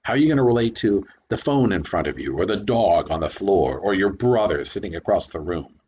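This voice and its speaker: A man's voice: low-pitched, animated, fairly quick, a little mellow, husky, highs cut off. A man giving a reflective spoken lecture on rhetoric, talking emphatically and leaning hard on single words. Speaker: commentator on rhetoric.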